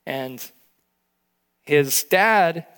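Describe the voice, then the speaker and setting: A man's voice: fairly high pitch, animated, drawn-out words, fairly bright tone, smooth, in a large hall. A male pastor preaching an earnest, heartfelt sermon, with frequent restarts.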